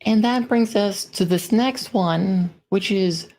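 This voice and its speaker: Speaking slowly and deliberately over every point, a woman with a mid-pitched, somewhat dark voice delivers a warm, casual conference talk about writing. She illustrates her points with example sentences.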